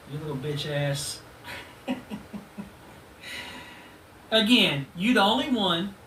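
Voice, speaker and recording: A man's voice: on the high side, pushed and bright. A man in his thirties ranting at a rival in a profane, taunting video reply, laughing mockingly at him. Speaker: channel host. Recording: roomy echo, distant mic, faint noise.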